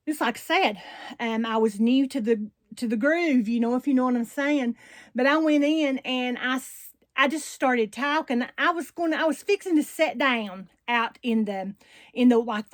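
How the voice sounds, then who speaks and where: A woman with a deep Southern country accent, chatting casually and at length to her viewers as a doll channel host. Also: dry recording, clean studio sound. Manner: chatty and rambling, warm Southern slang.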